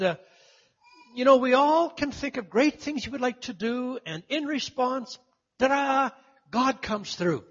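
Animated male preacher in an echoey hall. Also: very high-pitched, a little slow, lo-fi sound. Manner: animated storytelling, acting out quoted voices. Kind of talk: sermon.

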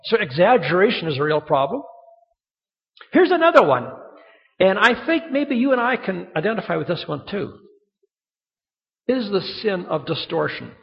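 A man preaching a sermon, telling stories with lively acted-out quotes. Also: high voice, normal speed, gravelly, pauses often. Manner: animated storytelling, acting out quoted voices. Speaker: pastor. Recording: muffled sound in a reverberant hall.

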